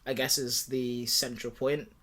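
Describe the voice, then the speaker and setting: A man's voice: mid-range voice, little pitch movement, fairly bright tone. Man co-hosting a film podcast. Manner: acts out characters' lines in quick put-on voices, laughs often. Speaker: podcast co-host. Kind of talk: casual chat, pitching a movie plot.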